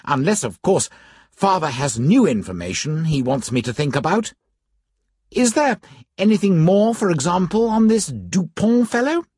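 A man voicing an eager, self-assured young gentleman in his twenties in a storybook reading. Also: high-pitched, very animated, moderate pace, slightly rough, no echo, studio quality, pitched above the performer's own voice, exaggerated voice.

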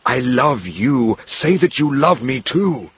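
A man playing an insistent gentleman suitor who pleads slowly and earnestly. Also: mid-range voice, very animated, slightly rough, voice pushed up, exaggerated voice. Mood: pleading.

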